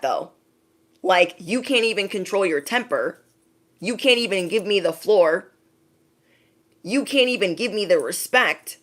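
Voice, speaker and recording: A woman talks straight to her viewers in a casual spiritual pep talk. She drives each point home by repeating phrases and checking in with a quick "okay?". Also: mid-range voice, expressive, fairly bright tone. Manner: emphatic, repeats phrases, direct address with frequent "okay?". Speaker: spiritual reader.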